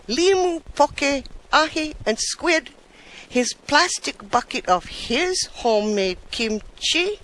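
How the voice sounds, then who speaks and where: A woman spins a comic first-person tale in a broad Hawaiian Pidgin accent, taking her time over every line. She piles up lists with growing emphasis, each item landing a little higher than the one before. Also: fairly bright tone, rough recording. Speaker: storyteller.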